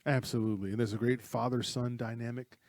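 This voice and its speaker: A man's voice: mid-range voice, fast talker. A man co-hosting a casual movie talk show, retelling film scenes with energy. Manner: animated storyteller, retells scenes with acted quotes.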